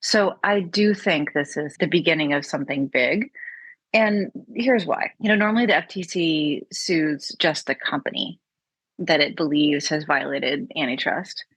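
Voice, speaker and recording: A woman's voice: low-pitched, measured pace, a bit bright, breathy edge, no echo. A woman panelist talking in a thoughtful, conversational way on a podcast. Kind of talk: podcast discussion.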